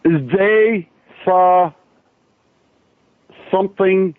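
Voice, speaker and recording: A man calling into an online radio show who tells his experience earnestly, in short halting phrases. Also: sits high, dry recording. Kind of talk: casual chat on an internet radio show. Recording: dry tinny phone-line audio.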